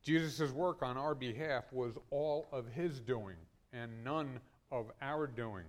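Guy preaching a sunday sermon in church, earnest, voice swings up and down a lot, mid pitch. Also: slow pace. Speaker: pastor.

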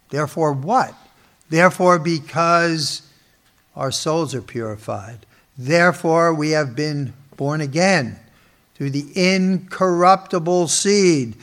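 Slow, emphatic man preaching. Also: a little high, a bit bright. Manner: expository preaching with rhetorical questions; slow, emphatic listing of words. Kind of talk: sermon. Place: in front of an audience.

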